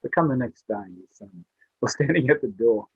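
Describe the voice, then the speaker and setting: Man, storyteller, husky voice, tinny dry recording. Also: expressive, brisk, no room sound. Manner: voices the characters with rising pitch for the child. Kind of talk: oral storytelling. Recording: dry, tinny phone-like sound.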